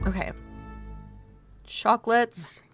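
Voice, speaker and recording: A woman's voice: medium pitch, takes it slowly, faint music behind. A young woman with a Californian accent, streaming a game in casual, giggly chat. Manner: giggly, playful, laughs often.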